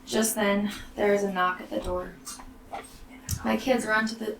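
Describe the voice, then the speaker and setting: A woman, a mother, tells her own story in a slow, soft and halting way, often near a whisper. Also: medium pitch, level tone. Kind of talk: personal storytelling. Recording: roomy, distant mic, faint background noise.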